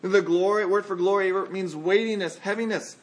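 A male pastor delivers a sermon in a high, clear voice. He talks conversationally but with emphasis, and he often poses rhetorical questions to his listeners. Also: fairly even intonation, moderate pace.

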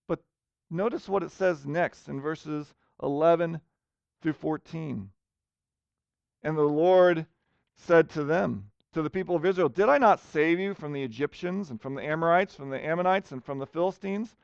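A man's voice: high-pitched, fairly even intonation, normal speed, vocal fry, clear, resonant tone, dry recording, muffled recording. A man preaching a sermon in an earnest way, rising to emphatic questions. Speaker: pastor.

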